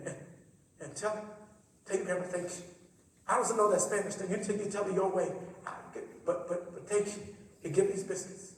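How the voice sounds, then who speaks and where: Man doing a big motherly old neighbor lady, affectionate, gushing, booming theater echo, distant. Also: lightly acted. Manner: effusive and affectionate, says baby. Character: big older woman neighbor, motherly and generous. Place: college theater stage. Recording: echoey theater hall, distant mic.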